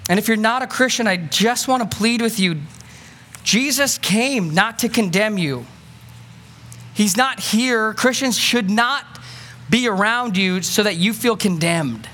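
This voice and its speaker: A man preaching a sermon as pastor, earnest and pleading, moving from quick asides to slow, emphatic lines. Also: high voice, pushed and bright. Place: church sanctuary.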